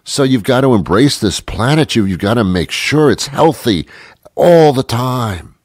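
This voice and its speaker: A man's voice: medium pitch, expressive, normal speed, dry recording. A man hosting a talk show, musing aloud in a rambling monologue with frequent stammered restarts, while he has a cold.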